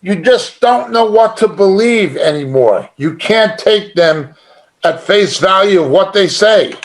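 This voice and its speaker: High-voiced, unhurried male preacher. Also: animated. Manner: conversational, emphatic, with occasional chuckles. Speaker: Bible teacher. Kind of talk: informal sermon teaching.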